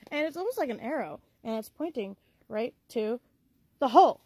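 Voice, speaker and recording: On a poor-quality recording with no room sound, a woman with a highish, darkish-toned voice talks briskly and animatedly. She's a vlogger exploring old mines, walking through the woods near an old mine entrance, chatting playfully and swearing casually.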